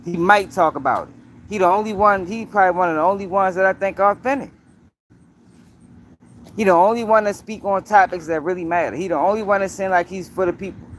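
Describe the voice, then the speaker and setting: This man's voice sits high and a bit bright, and he talks fast over a faint hiss or hum. Hosting his own news commentary livestream, he's emphatic and repetitive, speaking straight to the people watching.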